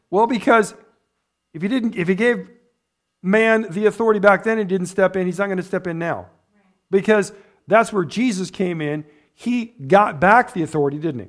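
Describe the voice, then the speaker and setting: A man preaching a sermon in church in a loose, conversational way, often checking in with his listeners with a quick "right?" or "amen?". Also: high-pitched. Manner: chatty, tags points with "right?" and "amen?". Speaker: pastor.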